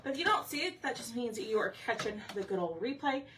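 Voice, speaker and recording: A woman's voice: on the high side, sing-song, quick pace, fairly bright tone, distant mic, slight background noise. Breathless chatty woman livestreaming. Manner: chatty, scattered, addresses viewers as y'all. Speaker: craft livestream host. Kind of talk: casual livestream chat. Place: home craft room.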